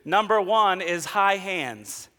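A man preaches in a high, smooth, resonant voice. He tells humorous stories and acts out the people he describes. The sound carries a long reverb from a church sanctuary. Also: expressive, slow pace, bright, forceful tone. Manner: humorous storytelling, acts out quoted characters. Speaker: pastor. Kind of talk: sermon.

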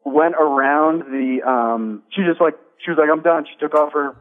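A man calling in to a radio talk show, telling a story in a rambling, halting way with many fillers. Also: fairly high pitch. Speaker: caller. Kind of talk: casual storytelling on a call-in show. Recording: tinny phone line.

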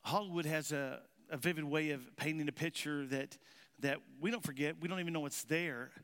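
A man's voice: fairly high pitch, brisk, a bit bright, smooth. A man preaching a sermon as pastor, telling a folksy story and quizzing his congregation. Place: church sanctuary. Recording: reverberant church hall.

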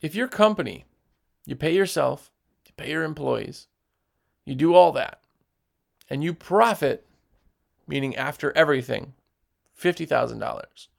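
A man's voice: a little high, animated, measured pace, vocal fry, pauses often. A man who runs a window cleaning business, giving direct, emphatic advice to other business owners and acting out what customers say. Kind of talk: motivational business talk.

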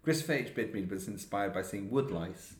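A man's voice: fairly low pitch, expressive, moderate pace, reverberant. A British man co-hosting a podcast in casual chat, wry and joking, acting out quotes in silly voices. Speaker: podcast co-host.

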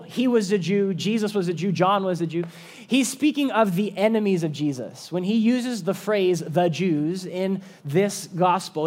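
Male pastor, high voice, slow emphatic sermon delivery with long pauses.

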